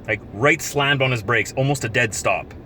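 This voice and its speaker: A man's voice: mid-range voice, moderate pace, pushed and bright, slight background noise. A man driving a truck and vlogging, telling a long story with rising exasperation. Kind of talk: casual vlog rant. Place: in and around a truck, near traffic.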